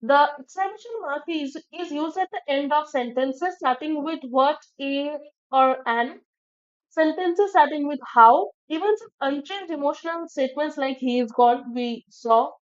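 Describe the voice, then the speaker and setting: Woman teacher going thru english grammar rules, high voice, kinda muffled lo-fi audio. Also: a little slow. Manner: explains step by step, checks in with "okay". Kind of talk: grammar lesson.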